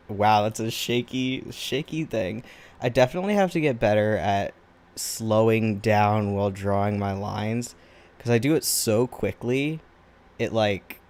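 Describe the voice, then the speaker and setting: A tired man with a medium-pitched, darkish voice draws on camera while chatting casually. He rambles and puts himself down along the way.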